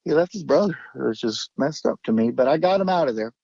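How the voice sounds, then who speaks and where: A man's voice: mid-range voice, lively intonation, fast, creaky, dark tone, dry recording, dull audio. A man telling his story in a rambling, emphatic way, swearing and jumping between thoughts. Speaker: guest recounting an encounter.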